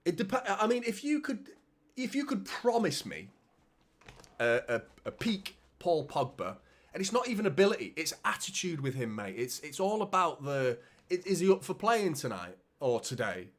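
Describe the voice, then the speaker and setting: A man's voice: a little high, very animated, moderate pace. A man with a Manchester accent hosting a live football watchalong, chatting casually, swearing and reading out viewer comments. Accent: Mancunian. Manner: chatty, swears, reads out comments, frequent "mate" and "do you know what I mean". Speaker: fan channel host.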